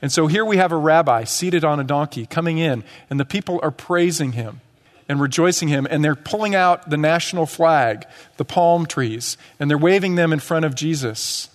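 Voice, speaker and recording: A man's voice: fairly high pitch, normal speed, long reverb tail. A male pastor delivering a sermon in a conversational way, acting out quotes as he teaches. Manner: conversational preaching with acted-out quotes. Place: church sanctuary.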